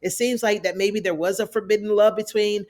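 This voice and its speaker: A woman's voice: mid-range voice, steady tone, brisk, a little mellow. A woman hosting a casual TV episode recap, chatty and sassy, calling her viewers "y'all". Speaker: TV recap host.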